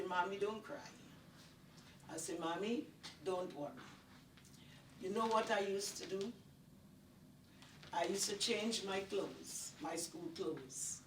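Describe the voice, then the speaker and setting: A woman's voice: on the low side, recorded from a distance. An older woman tells a personal testimony in an earnest, repetitive, emphatic way. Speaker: testimony speaker. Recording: echoey room, voice off-mic, faint noise.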